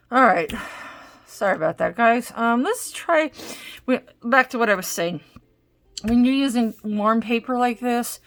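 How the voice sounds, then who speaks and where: A woman's voice: on the high side, fairly bright tone. A woman hosting a casual art supplies demo at home, chatting and rambling as she tries crayons. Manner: chatty, rambling, self-interrupting. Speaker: art supplies video host. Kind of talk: casual crafting demo talk. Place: home craft desk.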